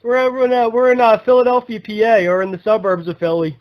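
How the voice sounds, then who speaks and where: High-voiced male host on a dull line. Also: little pitch movement. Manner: halting, with fillers. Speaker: podcast host. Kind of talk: casual interview intro. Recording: dull lo-fi line with faint noise.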